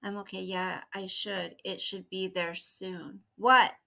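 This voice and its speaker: Middle-aged woman rambling on her livestream, chatty, says hi to viewers mid-story, bright voice. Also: mid-range voice, flat delivery, slow, gravelly. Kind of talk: casual livestream chat.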